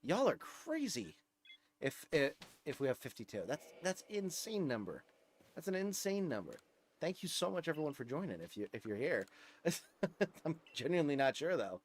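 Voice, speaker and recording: A man's voice: fairly high pitch, big pitch swings, normal speed. Young man on a casual game stream. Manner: soft cooing to his dog, rambling with many fillers. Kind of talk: casual live-stream chat.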